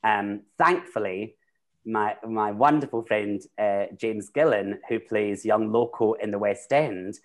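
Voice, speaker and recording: A man's voice: on the low side, unhurried. A Scottish man, a drag performer and actor, talking casually and rambling through stories with many restarts. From Scotland. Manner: chatty, rambling, with frequent restarts. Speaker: guest, drag queen and actor. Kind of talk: casual chat.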